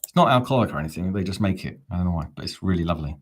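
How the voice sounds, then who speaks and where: A man's voice: low-pitched, expressive, racing, husky. A man hosting a live fan watch-along, talking in a chatty, rambling, self-mocking way. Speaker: fan channel host.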